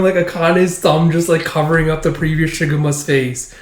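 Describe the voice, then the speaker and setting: A man's voice: on the high side, steady tone, normal speed. A man casually reading through and reacting to a manga chapter, chatty and enthusiastic, with lots of fillers. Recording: roomy echo.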